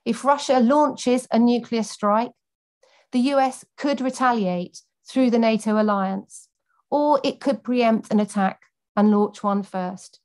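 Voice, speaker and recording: A woman's voice: fairly high pitch, measured pace, a little mellow. A woman campaigner speaking earnestly, giving a prepared speech and then answering questions off the cuff with many fillers.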